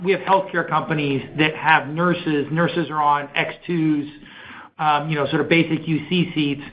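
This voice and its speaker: Exec guy on an earnings call, kinda high voice, chatty and excited, lots of ums, muffled line with a bit of hiss. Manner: enthusiastic, conversational, many fillers. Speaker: company chief executive.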